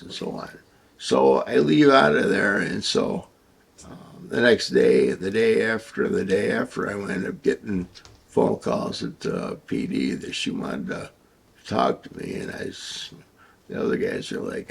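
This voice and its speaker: A man casually telling a rambling, crude anecdote with halting starts. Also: low-pitched, sing-song, gravelly, a little hiss or hum. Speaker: storyteller.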